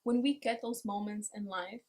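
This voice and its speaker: An anime reviewer with a medium-pitched voice talks at a moderate pace, casually recapping an episode. She swears freely and acts out the characters' lines as she goes, making for profane, animated storytelling.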